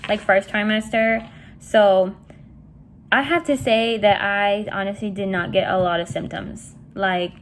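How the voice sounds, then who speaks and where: A woman's voice: medium pitch, a little hiss or hum. A young woman vlogger chatting casually while doing her makeup, rambling with lots of fillers and tossing in Spanish words. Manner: rambling, many "you know" and "like" fillers, mixes in Spanish words.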